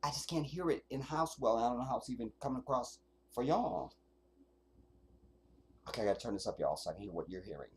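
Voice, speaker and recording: Streamer host, sarcastic commentary, mocking read-alouds, very lively pitch. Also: fast, pauses often, slight background noise. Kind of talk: livestream commentary.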